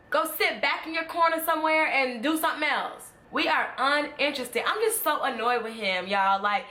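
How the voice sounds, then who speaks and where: Woman vlogger, blunt exasperated rant, high voice, echoey room. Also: sharp tone. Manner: blunt, exasperated ranting with slang. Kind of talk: casual commentary vlog.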